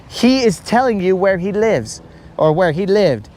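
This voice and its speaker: A man's voice: high-pitched, lively intonation, a little mellow. A man hosting a live fishing stream from a boat, chatting casually with his viewers and teasing them by name. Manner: joking, talks to viewers by name, drawn-out asides. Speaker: fishing livestream host. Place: on a boat on a lake outdoors.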